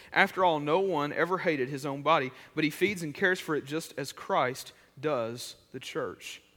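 Bright-voiced preacher in a reverberant hall. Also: male voice, fairly high pitch. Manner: conversational preaching, many restarts, shifts from loud to quiet. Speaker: pastor. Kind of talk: sermon.

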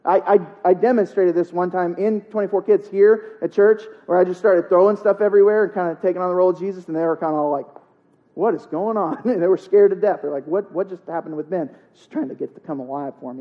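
A man's voice: high-pitched, dull audio. A man preaching a sermon as pastor, talking in a conversational way with jokes and emphatic repetition.

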